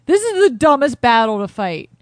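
A woman co-hosting a comedy radio show, chatty and animated as she tells news stories. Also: a little high, normal speed, no echo. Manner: chatty, giggly, animated storytelling. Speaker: radio co-host.

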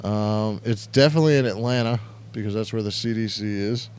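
A man's voice: on the low side, fairly quick, darkish tone, clear, resonant tone. A man hosting an internet radio show, chatting casually and crudely, rambling and reading out chat messages. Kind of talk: casual live-stream chat.

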